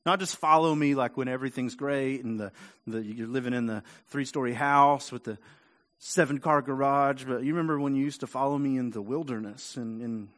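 A man preaching a sermon in a loose, conversational way, with a voice of ordinary middle pitch. He repeats words as he goes and lifts his volume when he wants to stress a point. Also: fairly even intonation, fairly quick. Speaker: pastor.

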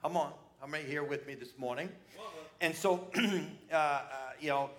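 A man preaching a sermon, animated and lively, dropping to quiet asides to his congregation. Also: a little high, normal speed. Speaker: pastor.

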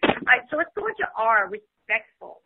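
A woman's voice: on the high side, big pitch swings, moderate pace, very noisy. A woman in her fifties, a podcast guest speaking in casual chat, full of "you know" fillers. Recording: tinny phone line.

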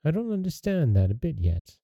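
A man's voice: fairly high pitch, huge pitch swings, a little fast, gravelly, mellow, no echo, clean studio sound, pitched above the performer's own voice, full character voice. A man voicing a naive, fearless young man who speaks earnestly and plainly, in a storybook reading.

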